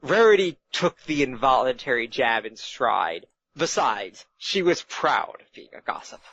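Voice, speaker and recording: Brief: dry pedantic male narrator, lively inflection, lo-fi sound. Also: medium pitch, unhurried. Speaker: narrator reading aloud. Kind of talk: casual read-aloud with banter. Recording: muffled lo-fi audio.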